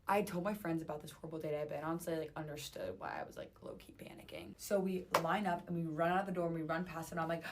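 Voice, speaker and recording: A young woman telling a dating story in casual, animated storytime style. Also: on the low side, fast, few pauses.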